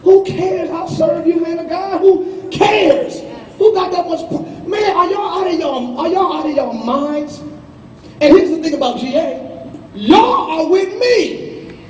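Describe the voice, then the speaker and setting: Man, high voice, choir director preaching hard at rehearsal; echoey room, distant mic. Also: measured pace, darkish tone. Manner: fiery, scolding, mimics people in asides.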